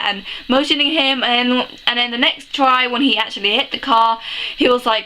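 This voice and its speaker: A young woman gushes through a casual film review, sniffly from crying and rambling from one exclamation to the next. Her voice is bright and sits a little high. A faint hiss runs behind her. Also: expressive, moderate pace, rough recording. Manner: gushing, rambling, exclaims often, laughs through tears.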